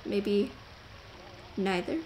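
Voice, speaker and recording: Slow-talking, gushing young woman streamer. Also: mid-range voice, heavy background noise. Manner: chatty, gushing, easily excited. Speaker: game streamer. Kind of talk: casual live-stream game commentary. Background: game music.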